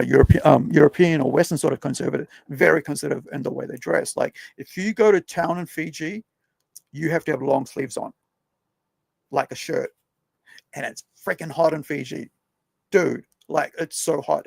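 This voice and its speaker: A man's voice: fairly high pitch, normal speed, gravelly, a little mellow, breathy edge, no echo. A young man hosting a podcast, telling stories in a rambling, conversational way and often tagging his sentences with questions. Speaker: podcast host. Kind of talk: casual storytelling chat.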